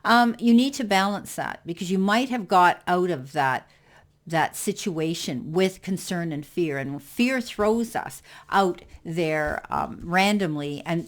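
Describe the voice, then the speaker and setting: Woman reading tarot cards. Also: lowish voice. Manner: reassuring, with fillers and repeated words. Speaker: tarot reader.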